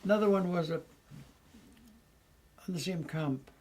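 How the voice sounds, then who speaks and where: A man in his eighties recounting old memories to family at home, lively and chuckling as he tells it. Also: high voice, measured pace, slight background noise, poor audio. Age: 80s. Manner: lively storyteller who chuckles often. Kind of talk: casual storytelling.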